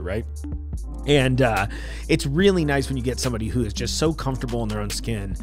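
A man's voice: mid-range voice, brisk, music in the background. A male podcast host giving a chatty, apologetic solo intro full of rambling asides.

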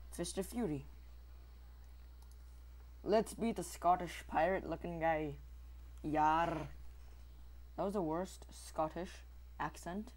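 A man chatting his way through a match in an unhurried, drawn-out way, a goofy gamer who laughs at his own mistakes. He breaks into high, squeaky shooting noises and keeps up rambling asides to his viewers. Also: a little mellow. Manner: goofy, mouths shooting sound effects in squeaky bursts. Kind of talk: casual gameplay commentary.

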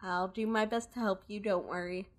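A woman's voice: mid-range voice, steady tone, normal speed, close to an everyday voice. A woman voicing a tearful, robbed female shopkeeper in a game, with a put-on Southern accent and a plaintive, dramatic manner. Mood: indignant. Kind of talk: live dub of game dialogue.

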